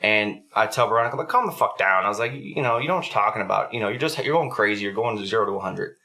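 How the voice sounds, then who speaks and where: A man's voice: lowish voice, expressive, racing, sharp tone. A young adult man hosting a podcast, telling a story in a casual, profanity-heavy way. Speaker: podcast host.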